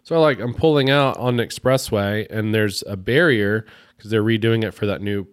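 Guy cohosting a podcast, low voice, lots of uh and like, loose chatty storytelling. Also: moderate pace, clear, resonant tone. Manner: rambling storyteller with many fillers. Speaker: podcast co-host. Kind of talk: casual chat.

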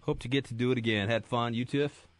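A man's voice: medium pitch, fairly even intonation, fast talker, no echo. A man filling in as radio host, talking sports in a casual, rambling, joking way in a studio. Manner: rambling, joking, self-deprecating.

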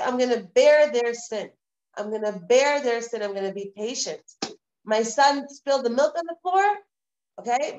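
A woman teaching a live online Torah class, lecturing in a lively, conversational way with repeated phrases and rhetorical questions. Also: high-pitched, poor audio. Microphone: video call.

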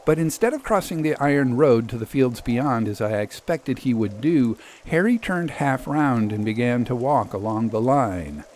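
A man reading a first-person ghost story aloud, measured and literary in delivery. His pitch sits in an ordinary middle range. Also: expressive, darkish tone, a little hiss or hum. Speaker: reader.

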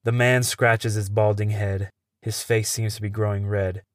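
A man who hosts a podcast, telling a tense first-person story in a measured way. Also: on the low side, little pitch movement, dry recording, clean studio sound.

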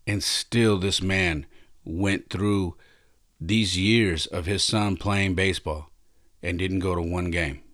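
A man's voice: low-pitched, fairly even intonation, slow pace, fairly bright tone, no room sound, clean studio sound. A man hosting a podcast, retelling a story in an emphatic, conversational way with frequent restarts. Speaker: podcast host. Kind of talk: casual storytelling.

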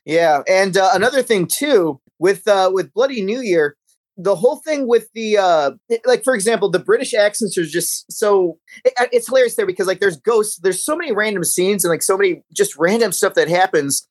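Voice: mid-range voice, animated, normal speed. A co-host in a casual movie review chat, rambling through stories with frequent hesitations. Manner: rambling, many uh fillers and restarts. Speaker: podcast co-host.

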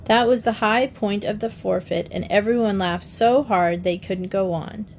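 Woman reading a kids' mystery book aloud, calm, measured, middle pitch. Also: a little hiss or hum. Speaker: narrator. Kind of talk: audiobook narration.

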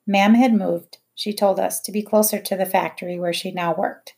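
Woman reading a novel aloud, measured, first person. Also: mid-range voice, fairly even intonation, creaky, mellow. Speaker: audiobook narrator. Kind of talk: scripted narration.

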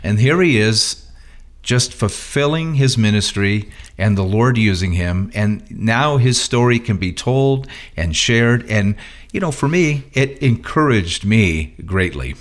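Deep-voiced jovial podcast host. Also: male voice, lively intonation, unhurried. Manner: jovial, laughs easily, uses fillers. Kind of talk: podcast conversation.

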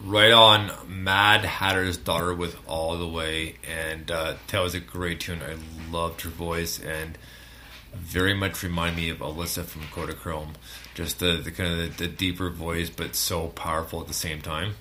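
A man's voice: sits low, little pitch movement, a little slow, background noise. A man hosting a music show, chatting casually and introducing songs in a laid-back, enthusiastic way.

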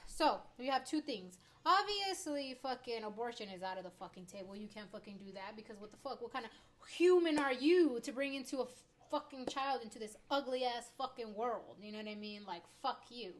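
A woman's voice: on the high side, animated, brisk. A woman in her twenties ranting to her viewers in a rambling, heated, heavily profane way. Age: 20s. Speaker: vlogger. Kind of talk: ranting opinion vlog.

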